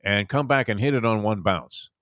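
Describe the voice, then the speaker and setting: A man's voice: fairly low pitch, normal speed, fairly bright tone, dry recording, studio quality. A man from Brooklyn, hosting a casual sports talk show and telling long, rambling stories. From Brooklyn, New York. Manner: rambling, reminiscing storyteller. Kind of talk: casual sports radio chat.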